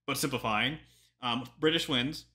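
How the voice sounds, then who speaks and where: A man's voice: medium pitch, normal speed, bright, forceful tone. A young man, a historian, reacting to a history video in casual chatty commentary with lots of ums and joking asides.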